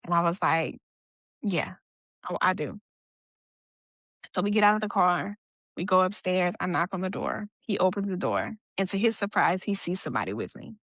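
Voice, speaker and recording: A woman's voice: lowish voice, animated, moderate pace, long pauses, a bit bright, no echo, studio quality. A young woman guest on a podcast, telling a personal story in a casual conversational way and quoting what others said. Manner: conversational, retelling events with quoted dialogue and fillers. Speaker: guest sharing her story.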